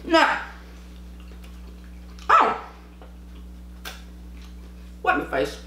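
A woman's voice: sits high, extremely slow, slight background noise. A tired woman chatting casually while eating on camera, telling slangy stories with lots of laughter. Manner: animated, slangy storytelling with frequent laughs; eating and sipping between sentences. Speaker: mukbang vlogger. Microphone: own microphone. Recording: echoey room.

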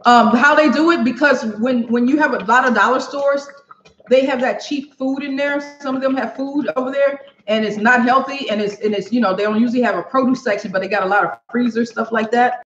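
A woman's voice: a little high, steady tone, a little fast, slight background noise. A woman hosting a cooking livestream, chatting casually and exclamatorily with her viewers as she cooks in her home kitchen. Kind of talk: casual chat while cooking and reading viewer comments. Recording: echoey room, dull lo-fi sound.

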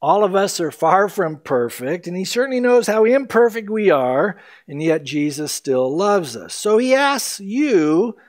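A man's voice: high voice, very animated, measured pace. A middle-aged male pastor giving a conversational, earnest sermon, teaching verse by verse. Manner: earnest, conversational teaching with emphatic quoted lines.

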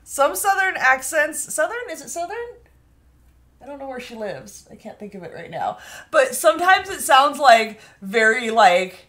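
Giggly woman co-host, bright and animated, reading chat comments in a casual home vlog. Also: high-pitched, normal speed. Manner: giggly, chatty, reads viewer comments aloud.

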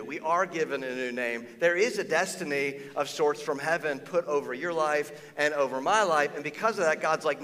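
A man preaching a sermon as a pastor, conversational and animated, slipping into quoted voices. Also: on the high side. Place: church auditorium. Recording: long reverb of a church hall.

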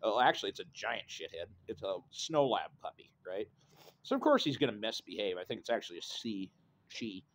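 A man's voice: fairly low pitch, animated, fairly quick, fairly bright tone, a little hiss or hum. A middle-aged man from Idaho telling a personal story in a casual, rambling way, swearing freely and tagging lines with "right?" and "you know.". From Idaho, USA.

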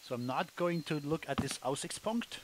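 Guy doing casual game commentary, bit high voice, wry, thinking out loud, hissy noisy audio. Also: animated, moderate pace. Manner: chatty, thinking aloud, wry asides. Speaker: gamer, let's play host.

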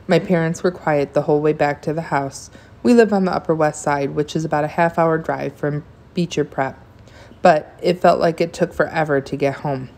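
A woman reading a children's novel aloud in a steady storytelling manner. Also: low-pitched. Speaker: reader.

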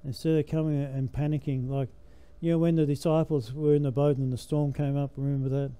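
Older guy preaching in church, really dark mellow voice, goes up and down with it. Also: fairly high pitch, little pitch movement, a little fast, clear, resonant tone. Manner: emphatic, voice rising and falling with the message. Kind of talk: sermon.

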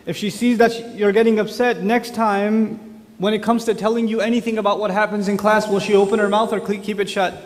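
A man with a high voice preaches quickly in a hall at an Islamic lecture. His lively, conversational religious talk comes across like animated storytelling, and he puts questions directly to the audience.

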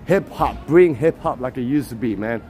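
A man's voice: mid-range voice, animated, moderate pace, darkish tone, a little hiss or hum. A man from Puerto Rico joking and chatting casually while he walks and films a city street. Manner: joking, chatty, laughs a lot. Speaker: vlogger. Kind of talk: casual walking vlog.

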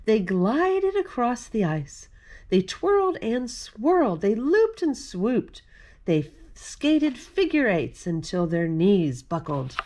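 A woman reading a storybook aloud to children, gentle and expressive as a librarian at storytime. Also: mid-range voice, slight background noise.

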